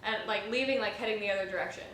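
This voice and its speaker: A young woman and restaurant server telling a rambling, animated story in a casual vlog, swearing freely and using many fillers. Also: medium pitch, rapid-fire. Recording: echoey room with faint hiss.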